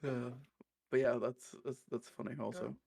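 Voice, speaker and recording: A man's voice: mid-range voice, level tone, normal speed, gravelly, a little mellow. A man with a Northern Irish accent, hosting a podcast in loose, sweary casual chat and laughing often. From Northern Ireland. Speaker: podcast host.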